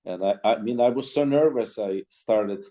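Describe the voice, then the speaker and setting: A man's voice: lowish voice, normal speed, warm tone. A man, a clarinetist, telling an anecdote in an interview, with frequent restarts and quoted dialogue. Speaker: clarinetist guest. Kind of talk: storytelling in an interview.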